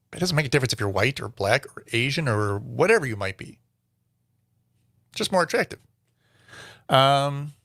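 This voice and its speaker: A man's voice: medium pitch, fairly bright tone, dry recording, studio quality. A man hosting his own commentary vlog, reading text aloud and answering it with sarcastic, incredulous asides. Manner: sarcastic, incredulous asides between read-out quotes. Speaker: show host.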